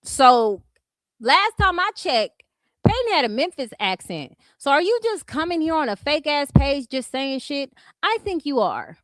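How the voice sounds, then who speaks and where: A Californian woman delivers a blunt, sassy commentary rant, swearing freely as she talks straight to her viewers. Her voice sits a little on the high side, and the sound is dry and close with no room echo. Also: big pitch swings, a little slow, a bit bright. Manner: blunt, profane and sassy, addressing viewers as "y'all". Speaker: commentary streamer.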